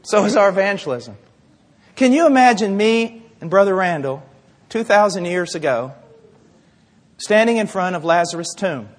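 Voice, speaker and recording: A male preacher delivering a dramatic sermon, swinging between hushed asides and shouting, acting out little scenes with voices. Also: sits high, lively intonation, moderate pace, pauses often. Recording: long reverb of a large hall.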